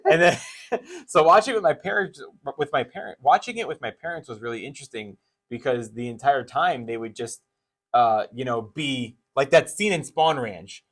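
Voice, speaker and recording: Rambling excited young man. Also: mid-range voice, normal speed. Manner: excited, rambling, many restarts and fillers. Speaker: podcast co-host. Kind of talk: casual movie chat.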